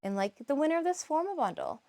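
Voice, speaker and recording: A woman's voice: high voice, sing-song, fast, dark tone. A woman live streaming, chatting casually, greeting viewers by name and grumbling about her cats.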